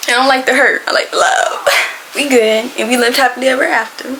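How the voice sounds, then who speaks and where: Animated young woman telling a storytime. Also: sits high, fairly quick, slight background noise, rough recording. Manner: animated, emphatic, slangy and playful. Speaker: storytime vlogger. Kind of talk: casual storytelling to camera.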